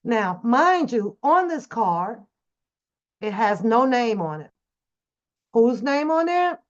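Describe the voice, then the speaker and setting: A middle-aged woman vlogging, telling a story casually to her viewers, animated and swearing freely. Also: on the high side, slow. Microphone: phone camera. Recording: dull lo-fi recording.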